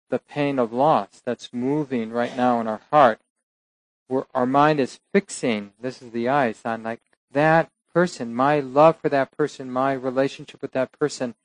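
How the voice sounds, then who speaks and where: A man teaching at a meditation center in a relaxed, reflective storytelling voice, pausing now and then to rephrase. His voice sits in an ordinary middle pitch. It is recorded close and dry, with no room echo. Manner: unhurried, reflective, with occasional laughs and self-corrections. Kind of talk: dharma talk with storytelling.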